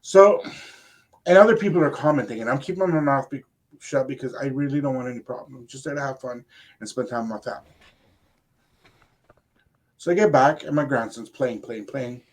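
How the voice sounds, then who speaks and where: Older man, radio co-host; rambling, animated storyteller, casual chat. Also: medium pitch, brisk, long pauses. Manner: animated, rambling anecdote with quoted asides.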